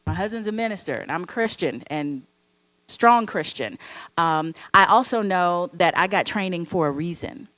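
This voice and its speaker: A woman on a panel speaks earnestly in a lowish voice. She fills pauses with ums and small laughs. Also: lively intonation, dry recording, poor audio. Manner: earnest, with frequent fillers and soft laughs. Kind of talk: panel discussion. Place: campus event room.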